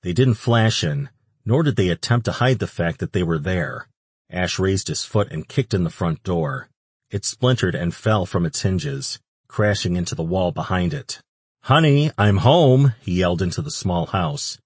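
Low husky guy reading an audiobook, dry close mic, steady delivery. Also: moderate pace, dry recording. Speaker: audiobook narrator. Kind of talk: scripted narration.

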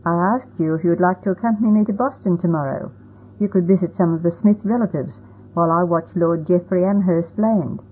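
A woman's voice: lowish voice, fairly quick, breathy edge. Commanding old grandfather, as a woman reads him. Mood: kindly. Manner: commanding, firm. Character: stern, proud old colonial grandfather. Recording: tinny phone-like audio.

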